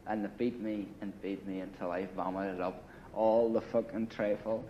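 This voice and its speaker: Older irish guy, low voice, blunt and sweary storytelling, slightly muffled. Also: flat delivery, moderate pace, slight background noise. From Ireland. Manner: blunt, swears, frequent "you know". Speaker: interviewee, former paramilitary. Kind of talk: casual storytelling.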